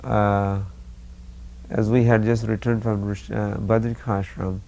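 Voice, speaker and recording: Gravelly, flat-voiced man reminiscing. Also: fairly low pitch. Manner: earnest, halting recollection with fillers. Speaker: disciple recalling memories. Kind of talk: spoken reminiscence. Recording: faint background hiss.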